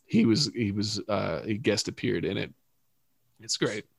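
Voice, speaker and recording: A man with a somewhat low voice co-hosts a casual podcast, rambling through stumbles and restarts and breaking into laughter now and then. The sound is dry and close. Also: animated, measured pace, gravelly, breathy edge, dry recording. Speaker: podcast co-host. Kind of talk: casual chat.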